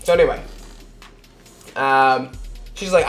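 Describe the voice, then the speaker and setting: A man's voice: fairly high pitch, measured pace, a bit bright, reverberant, soft background music. A man giving a casual, rambling film review, swearing freely and acting out the characters' lines in mock voices. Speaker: movie reviewer.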